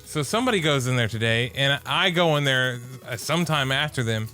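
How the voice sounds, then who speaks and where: A man co-hosting a podcast, telling a crude story in relaxed, casual chat. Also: mid-range voice, brisk, soft background music. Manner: laid-back, crude humor. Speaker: podcast co-host.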